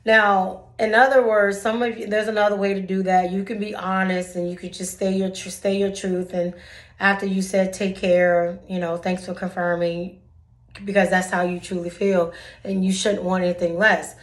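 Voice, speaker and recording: A woman talking straight to her viewers in a casual storytelling vlog. She is dramatic, acting out both sides of a conversation. Her voice sits at a middle pitch. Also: level tone, moderate pace. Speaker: vlogger giving dating advice.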